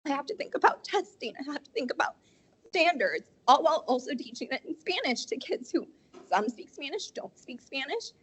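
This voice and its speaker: A woman's voice: sits high, very animated, a little fast, a bit bright, rough recording. A woman in her twenties, a teacher, giving an emotional public comment at a school board meeting, her voice catching as she speaks. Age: 20s. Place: meeting hall.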